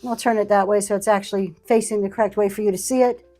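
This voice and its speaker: A woman's voice: medium pitch, steady tone, fast talker, dark tone, faint music behind. A woman running a live online auction stream, chatting casually and thanking buyers by name as she shows vintage items. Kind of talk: live selling stream chat.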